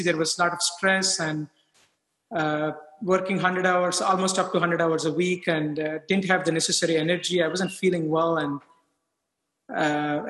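A man from India, a physician guest in his thirties, talking casually in a halting way with many fillers and restarts. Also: a little high, a bit bright. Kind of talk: casual interview talk. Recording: echoey room with long reverb.

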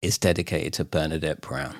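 A man in his forties, a podcast guest, chatting and telling animated stories, laughing often and acting out quoted voices. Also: a bass voice, fairly quick, dry recording, studio quality. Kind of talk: casual storytelling chat.

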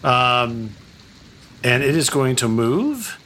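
A male game master narrating a tabletop game in a bright, forward voice. He talks slowly and rambles, restarting sentences and filling gaps with ums. A faint hiss sits behind him. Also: mid-range voice, very animated. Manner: rambling, filler-heavy narration.

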